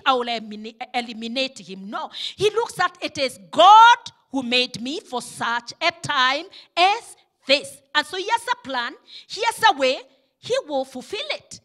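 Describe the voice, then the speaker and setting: A woman's voice: very high-pitched, sharp tone. A woman pastor preaching a sermon, fervent and building to impassioned pleas.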